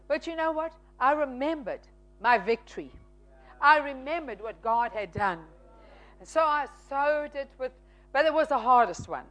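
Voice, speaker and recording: High-voiced woman testifying. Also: moderate pace. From South Africa. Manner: lively, acts out quoted dialogue. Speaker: guest sharing testimony. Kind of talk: faith testimony storytelling.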